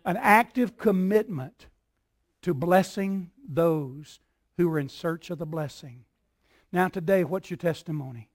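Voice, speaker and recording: A man preaching a sermon as pastor, building in repeated phrases and swinging from soft, low lines to loud cries. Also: unhurried, no echo, clean studio sound. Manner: preaching with call-and-response rhythm, dropping soft then shouting.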